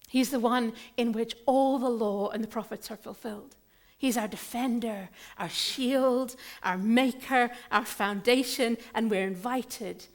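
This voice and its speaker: A woman pastor preaching a sermon in an earnest, deliberate and emphatic way. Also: a little high.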